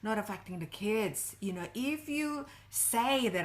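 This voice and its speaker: Speaking slowly as an interview guest, a middle-aged female relationship coach offers earnest, expressive advice. Her pitch swings upward to stress key points.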